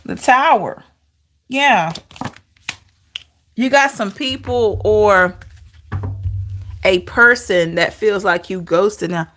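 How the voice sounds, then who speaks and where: A woman giving a casual tarot reading to camera, talking in an expressive, chatty way with rhetorical questions. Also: medium pitch, slow pace, pauses often, a little hiss or hum. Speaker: tarot reader.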